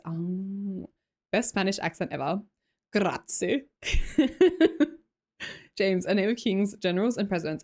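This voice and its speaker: A woman's voice: mid-range voice, a little mellow. An Australian woman chatting casually and rambling with her live viewers from her home streaming room, laughing often. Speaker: livestreamer.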